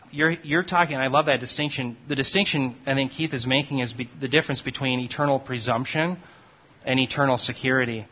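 A man teaching a Bible study class in an explanatory manner, often pausing to check in with his listeners. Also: mid-range voice. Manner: checks in often with "okay?" and "right?". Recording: dull lo-fi recording.

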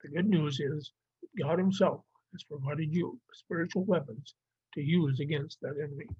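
A man's voice: on the high side, normal speed, breathy edge, no echo. A man teaching a Bible survey lesson, explaining plainly with some fillers and restarts. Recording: dry, muffled lo-fi recording.

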